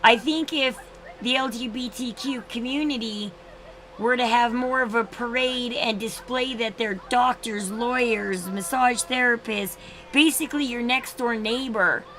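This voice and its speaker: A woman's voice: a little high, a little slow, a bit bright, a little hiss or hum, rough recording. A woman in her thirties hosting a casual livestream, chatting in a rambling way with frequent restarts. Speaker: livestream host.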